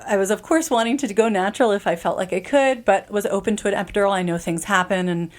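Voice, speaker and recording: A woman in her thirties, speaking fast at a medium pitch, appears as a podcast guest telling a personal story. She is earnest and emphatic, often restarting mid-sentence.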